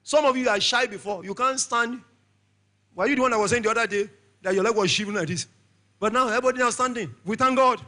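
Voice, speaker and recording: Middle-aged Nigerian pastor, very high and sharp voice, shouts and call-and-response in a church sermon. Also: male voice, fast talker.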